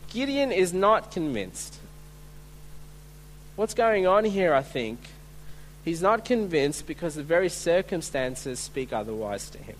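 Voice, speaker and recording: A male pastor preaching a sermon at a church service, earnest and emphatic, slowing to stress key words. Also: high voice, lively intonation.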